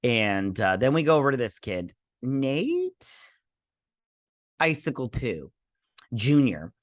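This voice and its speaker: A young adult man hosts a loose, chatty episode recap, rambling and relaxed. His voice sits at a middling pitch for a man, and the sound is dry and close with almost no room around it. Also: normal speed, dry recording. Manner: rambling, chatty retelling with quoted lines. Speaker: host reviewing a TV episode.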